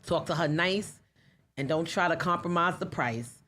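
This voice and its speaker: A woman with a New York accent co-hosting a podcast, teasing and loud as she gives shout-outs. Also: fairly low pitch, normal speed, slight background noise. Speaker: podcast co-host. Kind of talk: casual chat.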